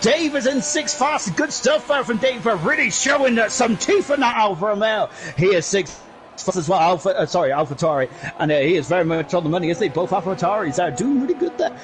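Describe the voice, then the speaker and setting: A man commentating a sim racing league live, excitable and chatty, shouting at the big moments. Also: sits high, brisk. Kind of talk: live esports race commentary.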